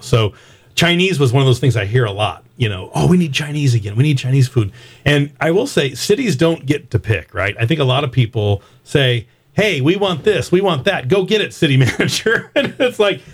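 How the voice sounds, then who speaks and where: A man appearing as a guest on a call-in radio show, explaining his work in an earnest, animated way. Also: mid-range voice. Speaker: guest, city manager. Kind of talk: radio interview.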